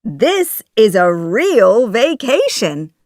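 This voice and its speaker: A woman voicing an excitable wooden puppet boy in a children's audio story, high and exclaiming. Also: extremely slow, smooth, dry recording, clean studio sound, heavily acted. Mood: eager.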